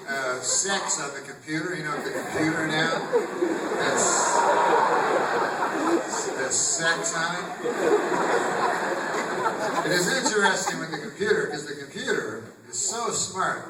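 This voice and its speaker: A man doing stand-up comedy in a theater, rambling and deadpan, breaking into loud put-on voices. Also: a little high, heavy background noise. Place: theater stage. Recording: grainy, echoey theater recording from far off. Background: audience laughter.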